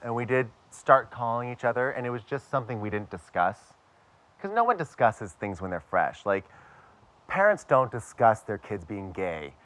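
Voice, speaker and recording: Man from pittsburgh, wry self-mocking storyteller, mid pitch, live audience vibe. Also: animated, moderate pace, fairly bright tone. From Pittsburgh, USA.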